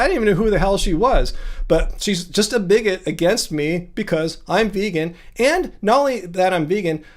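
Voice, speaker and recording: A man hosting a casual livestream, ranting sarcastically and chatting directly with viewers in the comments. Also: high voice. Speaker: livestream host.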